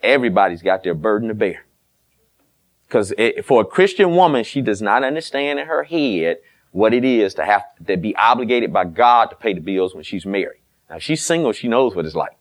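A middle-aged pastor with a fairly low voice and big pitch swings speaks a little fast in his sermon on marriage. He comes across blunt and folksy, ribbing his listeners and acting out past conversations through quoted dialogue.

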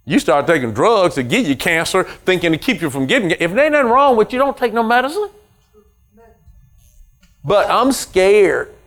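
A man preaching a sermon as a pastor in a church, animated and acting out the voices of his congregation. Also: high voice, moderate pace, faint music behind.

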